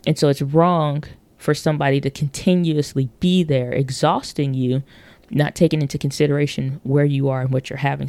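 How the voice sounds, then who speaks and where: Gravelly-voiced woman rambling on a podcast. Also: low-pitched, dark tone, no echo. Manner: rambling with many fillers and restarts; acts out quoted voices in storytelling. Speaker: podcast host. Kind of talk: casual monologue on marketing.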